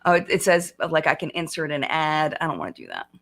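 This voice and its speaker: Chatty, excitable woman hosting a live chat. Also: sits low, quick pace. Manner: chatty and excitable, frequent fillers and laughs. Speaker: live stream host.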